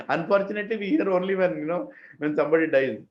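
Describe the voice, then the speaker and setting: Indian guy teaching a gita class, highish voice, chants verses, quizzes the room, muffled lo-fi sound. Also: a little fast. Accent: Indian English. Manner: chants Sanskrit verses, asks the class questions. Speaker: spiritual teacher. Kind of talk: scripture class lecture.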